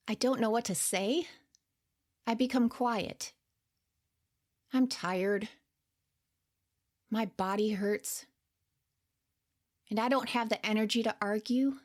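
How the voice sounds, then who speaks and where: A woman narrating her own story in the first person, quiet, unsure and earnest. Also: fairly high pitch. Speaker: podcast storyteller.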